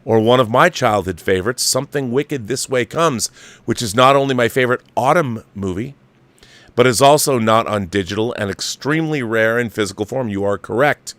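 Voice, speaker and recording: A man's voice: medium pitch, normal speed, fairly bright tone, dry recording. A man hosting a show, casually reading a viewer's letter aloud and breaking in with his own asides. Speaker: host reading viewer mail. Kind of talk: casual chat.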